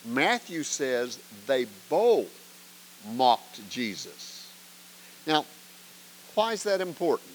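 A man's voice: medium pitch, very animated, slow, long pauses, slight background noise, low-quality recording. Earnest man teaching a Bible study. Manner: earnest, emphatic, asks rhetorical questions.

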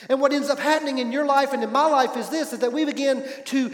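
A man preaching a sermon, telling a personal story, swinging from loud emphatic stretches to hushed ones. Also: extremely high pitch, fast talker, roomy sound, in a large hall. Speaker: pastor.

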